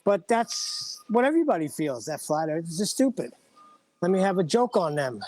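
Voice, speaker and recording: A father chatting casually, telling stories in an animated way. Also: high voice, moderate pace, no echo. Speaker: father, podcast guest. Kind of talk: casual chat.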